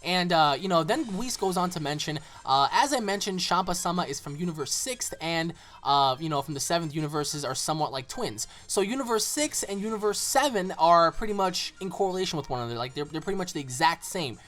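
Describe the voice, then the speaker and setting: A man's voice: a little high, animated, a little fast, few pauses, fairly bright tone. Rambling male anime recap host. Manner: rambling, lots of fillers.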